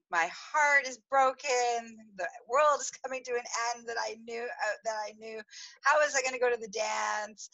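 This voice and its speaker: A woman's voice: mid-range voice, sharp tone, rough recording. A woman hosting a podcast, telling a personal story in a confessional way, giggling and acting out dramatic moments. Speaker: podcast host.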